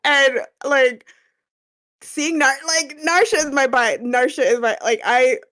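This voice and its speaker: A woman with a high voice talks at a slow pace while co-hosting a music reaction video, gushing, animated and swearing freely. She is a little sick, and a cold makes her sound stuffy and nasal.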